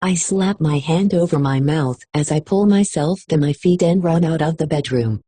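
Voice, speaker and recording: Female audiobook reader with a husky, dry close sound and emotional first-person delivery. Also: deep voice, moderate pace, dark tone, no room sound. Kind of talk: expressive audiobook narration.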